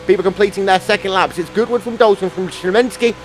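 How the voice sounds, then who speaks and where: A man's voice: high-pitched, fast talker, soft background music. A man commentating an online sim race, playful and joking, reading mock sponsor plugs.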